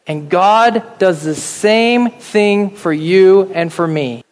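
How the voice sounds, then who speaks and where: A man's voice: sits high, takes it slowly, in a large hall. A man preaching a sermon, emphatic and asking his listeners questions.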